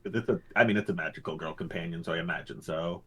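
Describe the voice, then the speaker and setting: Casting note: male tabletop player, low and husky, laid-back and chatty. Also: fast talker, sharp tone. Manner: laid-back, laughs easily. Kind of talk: casual tabletop game chat.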